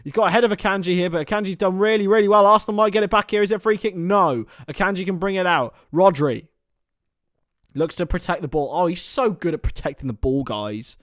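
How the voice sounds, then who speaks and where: A young man talks through a football match on a live stream, mixing play-by-play with easy chat to viewers. His voice sits a little high and laughs break in often. The sound is dry and close. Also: fast, a bit bright, no room sound. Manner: chatty, laughs often, greets viewers by name. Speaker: live stream host and commentator.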